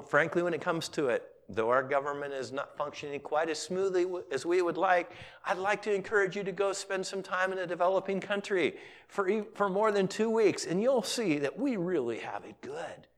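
A man, a pastor, preaching a sermon and retelling scripture as lively storytelling, with casual voices for the characters. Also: high voice. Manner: animated storytelling, paraphrasing characters in casual modern speech.

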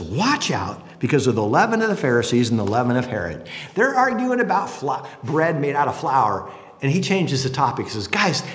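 Man, fifties, preacher, high lively voice, acts out voices, long hall reverb. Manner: animated storytelling, acting out voices. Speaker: pastor. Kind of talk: sermon. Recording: echoey hall.

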